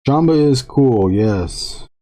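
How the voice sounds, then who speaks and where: A man chatting casually to viewers while drawing on a live stream, rambling with frequent halting restarts. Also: mid-range voice, animated, warm tone.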